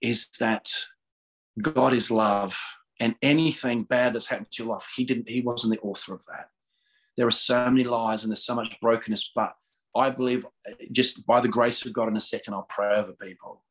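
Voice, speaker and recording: A middle-aged man talking as a podcast guest, his voice pitched in the middle range. He moves between casual spiritual talk and fervent prayer, laughing often and repeating words in his excitement. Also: poor audio.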